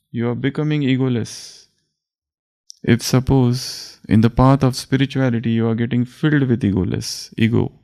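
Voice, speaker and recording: Gravelly man giving a slow sermon. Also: medium pitch, mellow. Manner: slow, deliberate, repeating phrases. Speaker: spiritual teacher. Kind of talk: spiritual discourse.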